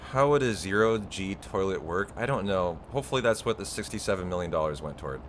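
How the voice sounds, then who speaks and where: A man's voice: sits low, animated, fast, slight background noise. A man chatting casually with his viewers while speedrunning a game live, rambling and laughing often. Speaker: speedrunner streamer. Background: game music.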